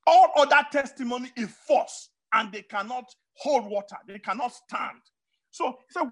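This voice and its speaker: A preacher giving a sermon, repeating words and phrases emphatically, with sudden swings of pitch and loudness. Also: animated, moderate pace.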